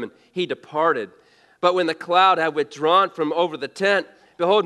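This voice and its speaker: Preaching in a conversational style, this pastor has a voice on the high side with a fairly bright tone. He often asks rhetorical questions and keeps backing up to restart what he's saying.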